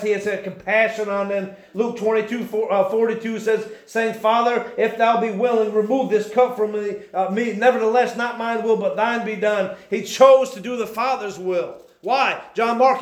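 A man preaching a sermon, building into shouted emphasis. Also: sits high. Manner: impassioned, rising to shouts. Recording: echoey church room.

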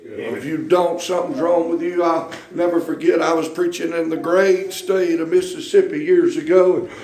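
A high-pitched middle-aged preacher with a drawl, delivering a revival sermon in an echoey church. His folksy, conversational talk keeps climbing into shouted, drawn-out peaks. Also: steady tone.

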